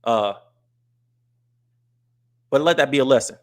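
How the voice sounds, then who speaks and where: A man's voice: mid-range voice, unhurried. Blunt West Coast man hosting a stream. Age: adult with wife and kids. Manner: blunt and scolding to chat, reads comments aloud. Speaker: livestream host. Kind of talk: casual live-stream commentary.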